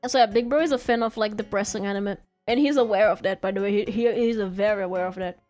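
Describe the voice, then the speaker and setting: A woman's voice: medium pitch, fast talker, a little mellow, soft background music. A woman streamer chatting casually while drawing, rambling through stories with lots of giggles and acted-out quotes.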